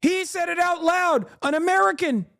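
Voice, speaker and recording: A man's voice: very high voice, moderate pace, vocal fry, a bit bright, no echo, studio quality. A man in his thirties giving heated, profane political commentary to his chat on a livestream. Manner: ranting, profane, emphatic. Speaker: political streamer.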